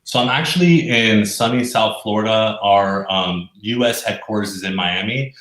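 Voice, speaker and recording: A man talking as a guest on a live online show from his office, relaxed and a little hesitant. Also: on the low side, normal speed, reverberant, poor audio. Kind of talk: casual interview chat.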